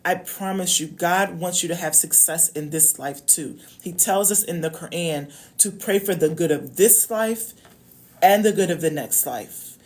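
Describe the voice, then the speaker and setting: A woman's voice: fairly low pitch, a little slow, darkish tone. A woman coach giving casual advice straight to her viewers, chatty and repeating key phrases, often checking in with "okay?". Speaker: love coach. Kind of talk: casual direct-to-camera advice talk.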